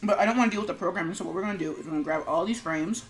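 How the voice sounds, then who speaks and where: Casual woman streamer, slightly low-pitched, chatting loosely with many fillers and mumbles, faint music behind. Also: rapid-fire. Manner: rambling, filler-heavy, mumbles while working. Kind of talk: casual live-stream chat while animating.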